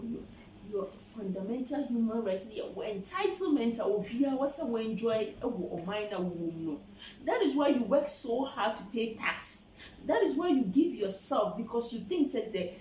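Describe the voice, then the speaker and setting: A woman's voice: a little high, darkish tone, echoey room, recorded from a distance, a little hiss or hum, poor audio. A Ghanaian woman hosting a show, passionately explaining the law and switching between English and Twi. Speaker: host.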